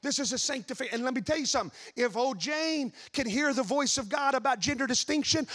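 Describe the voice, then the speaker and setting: Faint crowd sound surrounds a pastor whose extremely high voice rushes along with hardly a pause as he preaches. He tells his congregation a spirited story, posing rhetorical questions and adding voiced asides.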